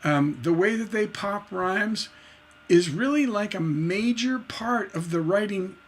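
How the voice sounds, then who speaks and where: Husky, slow-talking songwriting teacher, man. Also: sits high. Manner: explains stress by tapping out rhythms aloud. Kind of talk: livestreamed songwriting lecture.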